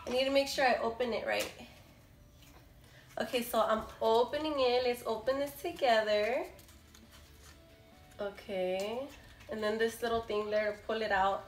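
Gushing high-voiced woman vlogger. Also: moderate pace, long pauses. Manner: gushing, excitable, talks to viewers directly. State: sounds a bit sick. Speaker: beauty vlogger. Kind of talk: unboxing first impressions. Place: room at home with a window. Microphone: camera mic. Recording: echoey room, faint background music.

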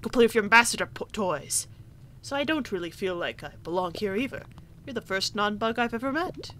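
A woman voicing a small, timid male bug ambassador who speaks softly and kindly, almost whispering at times, while reading game dialogue aloud. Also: medium pitch, expressive, fairly quick, slight background noise, close to an everyday voice. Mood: confiding.

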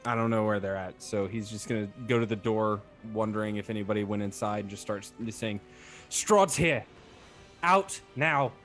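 A man's voice: fairly low pitch, monotone, a little fast, few pauses, soft background music. A man playing a tabletop game, animatedly narrating what his character does. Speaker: player.

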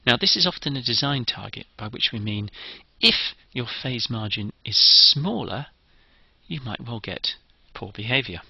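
A man's voice: medium pitch, expressive, normal speed, creaky, slightly rough, no room sound, muffled recording. A man giving a methodical, step-by-step engineering lecture.

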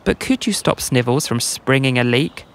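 A man's voice: medium pitch, lively intonation, normal speed, creaky. A man voicing a grumpy, prickly female cactus in a rhymed bedtime story, snappy and scornful.

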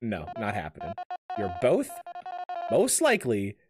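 A stern, dismissive guild master insect, as a man reads him in a lowered voice. His lines are curt and clipped, with faint game music behind. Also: wildly swooping pitch, unhurried.

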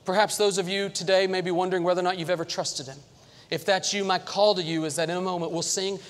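A man preaching a sermon in a church sanctuary, earnest and emphatic, slowing down and repeating lines for weight. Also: on the high side. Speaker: pastor. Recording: long church reverb.

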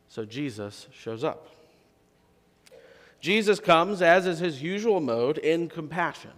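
A male pastor preaching a sermon in a conversational way, rising to emphatic questions and dropping to soft, low phrases. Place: church sanctuary. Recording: long reverb of a church sanctuary.

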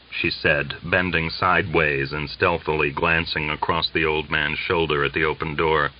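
A man reading a novel aloud as an audiobook narrator, measured and steady. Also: very deep voice, lo-fi sound.

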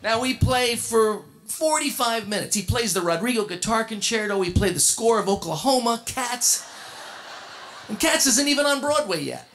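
High, gravelly man telling a comic anecdote. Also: moderate pace, a little hiss or hum. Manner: animated, comic storyteller with frequent laughs and restarts. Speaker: jazz guitarist and singer telling a story on stage. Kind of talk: anecdotal storytelling at a tribute concert. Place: concert stage before an audience.

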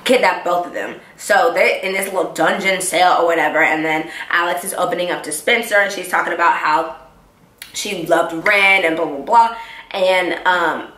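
A young woman vlogger chatting excitedly and animatedly as she recaps a TV show's events. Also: on the low side, normal speed, echoey room. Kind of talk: casual TV recap.

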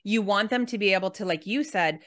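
Bright-voiced woman hosting a podcast. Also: medium pitch, a little fast, dry recording, studio quality. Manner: chatty, laughs along. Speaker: podcast host. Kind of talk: casual interview chat.

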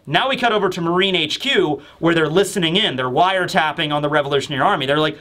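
A chatty man recapping a manga chapter in a loose, rambling way. His voice sits a bit higher than most men's, and he keeps things casual with plenty of filler words. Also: lively intonation, fast talker, hardly any pauses, bright, forceful tone. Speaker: manga review host.

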